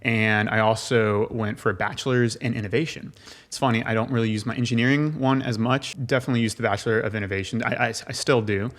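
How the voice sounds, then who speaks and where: A man's voice: medium pitch, steady tone, quick pace, a bit bright. A young man hosting a casual podcast, rambling and often stammering through repeated words. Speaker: podcast host. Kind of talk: casual chat.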